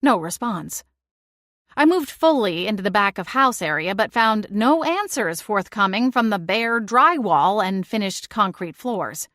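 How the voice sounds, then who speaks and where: A woman's voice: mid-range voice, sing-song, measured pace, fairly bright tone, dry recording, studio quality. A woman narrating a cozy first-person audiobook, reading expressively and acting out exasperated dialogue.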